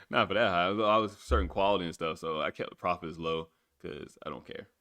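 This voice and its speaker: A man's voice: low-pitched, a little fast, sharp tone. A man hosting his own podcast alone, rambling casually and swearing freely as he plugs his channels. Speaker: podcast host. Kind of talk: casual solo podcast monologue.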